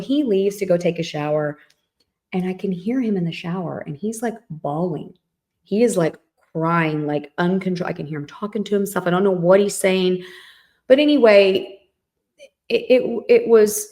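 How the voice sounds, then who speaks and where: A middle-aged woman co-hosting a podcast, telling a family story in a casual, animated way and acting out the voices in it. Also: mid-range voice, moderate pace. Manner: animated storyteller, acts out quoted dialogue. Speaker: podcast co-host.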